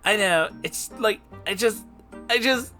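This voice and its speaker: A man voicing a weepy teenage girl hedgehog in a high, whimpering, breaking voice from a comedic storybook reading. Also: measured pace, bright, forceful tone, soft background music.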